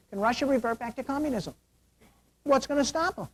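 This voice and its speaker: Fast-talking man lecturing an auditorium. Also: very high-pitched, slight background noise, rough recording. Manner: joking, conversational, rhetorical questions. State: losing his voice. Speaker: security awareness speaker.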